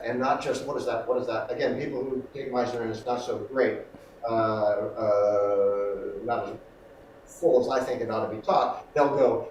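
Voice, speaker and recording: A man's voice: mid-range voice, moderate pace, a little hiss or hum. A middle-aged man, an acting coach, explaining technique in an interview and animatedly acting out exchanges. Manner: animated, acts out quoted exchanges. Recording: echoey room, voice far from mic.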